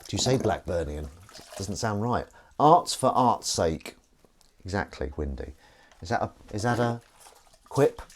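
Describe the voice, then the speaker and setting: A man's voice: deep voice, a little mellow, slight background noise. A man hosting a casual live stream, chatting and reading out viewer comments in a playful way. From Northern England. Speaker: livestream host. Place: home kitchen while washing up.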